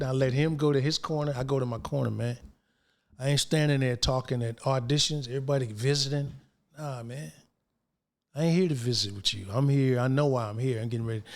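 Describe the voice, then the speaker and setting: Older man, actor guest, casual interview, animated storytelling, slangy talk, mid pitch. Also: slight background noise. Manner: animated, acts out quoted dialogue, slangy.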